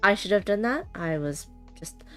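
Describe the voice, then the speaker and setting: A woman's voice: mid-range voice, expressive, normal speed, faint music behind. A woman chatting casually and giggling as she unboxes a board game on a stream, thinking aloud as she goes.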